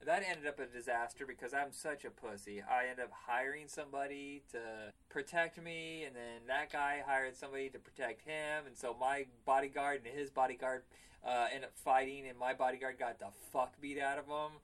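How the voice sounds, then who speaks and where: A man's voice: medium pitch, fairly even intonation, moderate pace, fairly bright tone, recorded from a distance, low-quality recording. A man in casual chat telling childhood stories wryly, mocking himself and swearing freely. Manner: wry, self-mocking storytelling.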